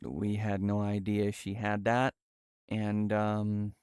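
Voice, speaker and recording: A young man streaming live, speaking in a halting, soft-spoken way with many fillers. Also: on the low side, completely flat delivery, clear, resonant tone, dry recording, studio quality. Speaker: livestreamer. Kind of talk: casual livestream chat. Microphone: VR headset setup.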